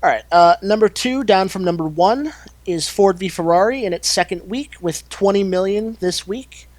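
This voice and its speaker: A man's voice: sits high, moderate pace, darkish tone, dry recording. A man co-hosting a podcast in easygoing casual chat, reading out box office rankings. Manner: easygoing, reads figures out.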